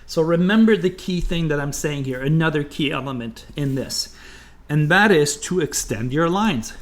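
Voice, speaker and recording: Male art teacher, pitched a bit high, chatty and encouraging, narrates as he draws. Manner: chatty and encouraging, thinking aloud while sketching. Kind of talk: drawing tutorial.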